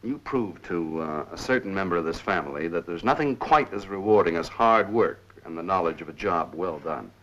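A man's voice: deep voice, animated, normal speed, few pauses, a bit bright. A man acting a genial father and doctor in a 1950s TV sitcom. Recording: dull old TV soundtrack.

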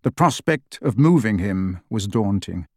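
This male audiobook narrator has a fairly low pitch and delivers scripted narration in a steady, measured storytelling manner. The studio sound is clean, without echo.

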